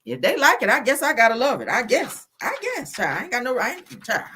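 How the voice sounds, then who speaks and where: On a casual comedic livestream, the female host's fairly high voice swoops wildly in pitch as she speaks fairly quickly over a little hiss or hum. She's loud, laughs often, curses, and keeps crying out to the Lord in a preachy way.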